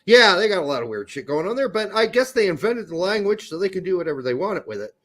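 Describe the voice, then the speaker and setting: This soccer podcast co-host talks quickly in a high voice, keeping the casual sports chat animated with jokes and frequent swearing.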